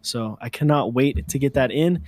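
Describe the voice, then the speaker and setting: A man co-hosting an online show, chatting casually with halting enthusiasm. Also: medium pitch, a little mellow. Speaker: podcast co-host. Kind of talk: casual chat.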